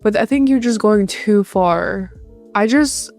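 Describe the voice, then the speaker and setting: A woman's voice: mid-range voice, slow pace, darkish tone, soft background music. A woman hosting a reaction video, giving casual, blunt commentary on clips. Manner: blunt, disapproving remarks.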